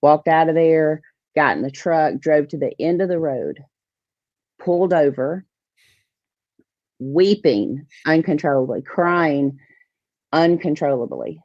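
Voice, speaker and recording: Woman, podcast guest, animated storyteller, dry muffled podcast audio. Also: sits low, slow pace, long pauses, dry recording. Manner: animated storyteller, acts out others' lines. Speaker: guest, fishing tournament organizer.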